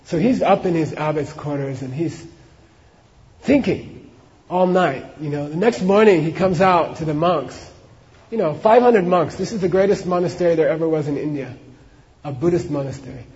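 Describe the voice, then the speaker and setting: A man's voice: a little high, normal speed, a little mellow. A man giving a dharma talk, telling a story casually with frequent asides like "you know" and "okay.". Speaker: Buddhist teacher. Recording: dull echoey hall recording.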